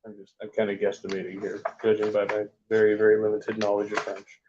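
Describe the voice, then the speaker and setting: A man casually reading book passages aloud in a vlog, with offhand asides and halting attempts at French. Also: fairly low pitch, completely flat delivery, highs cut off, noisy background. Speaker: vlogger.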